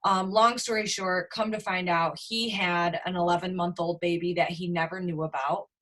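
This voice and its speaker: A woman's voice: lowish voice, fairly even intonation, normal speed, fairly bright tone. A young adult woman, a business coach, candidly telling a personal story on a team video call, swearing freely and leaning on "like".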